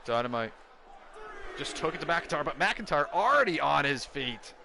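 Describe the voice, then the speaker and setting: Excitable man calling wrestling play-by-play. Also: a little high, moderate pace, vocal fry, a little hiss or hum. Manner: excitable, bursts into shouts at big moves. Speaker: wrestling game commentator. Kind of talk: play-by-play commentary of a video game.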